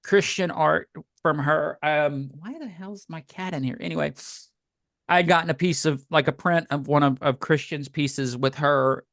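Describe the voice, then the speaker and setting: A man's voice: fairly high pitch, moderate pace, a bit bright, no echo, studio quality. Emotional middle-aged male podcast co-host. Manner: emotional, rambling storyteller. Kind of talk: casual chat.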